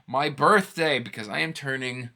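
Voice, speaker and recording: A man in his thirties hosting a casual book vlog, chatty and rambling, with animated asides. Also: medium pitch, moderate pace. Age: 30s. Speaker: book channel host.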